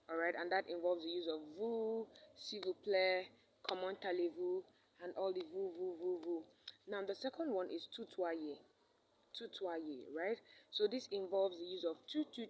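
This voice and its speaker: A woman's voice: lowish voice, slight background noise, low-quality recording. A woman teaching a French lesson in English, repeating each phrase and checking in with "all right?". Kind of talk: recorded language lesson.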